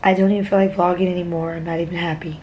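Speaking very fast in a fairly low, slightly mellow voice with little pitch movement, this young woman from New York films a casual vlog on her phone at arm's length. Moving between an airport and a hotel room, she's blunt, profane and tearful at times, with slight background noise.

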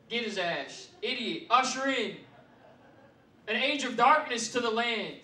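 A man doing stand-up, telling a profane story with loud bursts and laughs. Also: high voice, lively intonation, a little slow, slight background noise. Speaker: comedian. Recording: roomy stage sound from far mic, audience.

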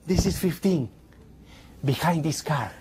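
A man's voice: on the high side, unhurried, warm tone, slight background noise. A man performing as a stage magician, chatting playfully with the audience in slightly broken English.

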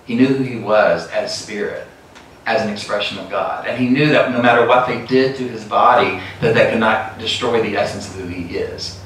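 Middle aged guy preaching, bright voice, heavy church echo, kinda far off. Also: fairly low pitch, normal speed, slight background noise. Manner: lively, laughing often, acts out sheep calls. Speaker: guest speaker. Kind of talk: sermon. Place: large church sanctuary. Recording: very echoey church hall from afar.

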